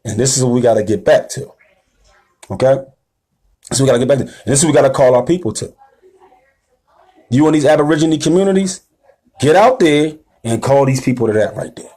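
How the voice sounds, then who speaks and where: A religious teacher delivers a sermon-style lecture in a medium-pitched male voice, speaking fairly quickly with frequent pauses. He's emphatic and slangy, checking in with listeners often, and grows rousing, louder and higher as he reaches the call to action.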